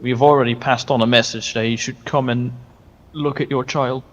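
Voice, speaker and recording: A man's voice: mid-range voice, steady tone, a little fast, lo-fi sound, slight background noise. A man playing in a tabletop role-playing game, speaking hesitantly with many fillers. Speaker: player. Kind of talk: in-character tabletop play.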